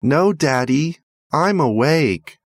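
Storybook child: man voicing a small earnest boy, high-pitched and pleading, slow. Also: animated, no room sound, studio quality. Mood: soft. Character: pleading five-year-old boy.

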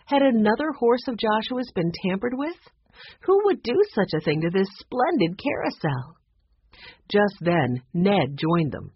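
A woman reads a children's story aloud with a lower, husky voice that moves expressively up and down. The recording is dry and a little dull and muffled. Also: dry recording. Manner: expressive, varied delivery. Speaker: audiobook narrator.

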